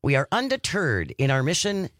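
A man's voice: fairly high pitch, huge pitch swings, normal speed, fairly bright tone, dry recording, studio quality. A man co-hosting a podcast, reading news items aloud and adding his own commentary. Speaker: podcast co-host.

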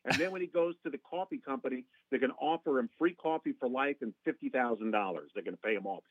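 A man's voice: mid-range voice, quick pace, no room sound, phone-quality sound. A man chatting as a radio guest, an enthusiastic storyteller who acts out quotes. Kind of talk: casual radio chat.

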